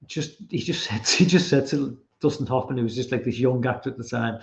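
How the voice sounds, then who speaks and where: A man hosts a loose livestream podcast in an ordinary mid-pitched voice. He rambles, restarts his sentences and swears freely. The recording sounds a little dull and lo-fi. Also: a little fast, vocal fry, hardly any pauses. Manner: rambling, sweary, full of fillers. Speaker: podcast host. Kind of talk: casual livestream chat.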